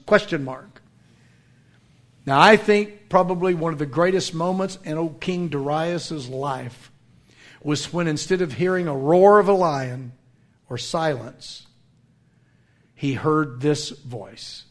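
A middle-aged man preaching a sermon, swinging between loud dramatic lines and hushed, slow asides. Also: on the high side. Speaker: pastor.

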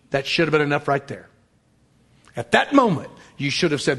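A man teaching a Bible lesson in sermon style, emphatic, slowing down to stress points and sometimes dropping to a whisper. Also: a little high, expressive. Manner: emphatic, slows for stress, drops to a whisper at times. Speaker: preacher.

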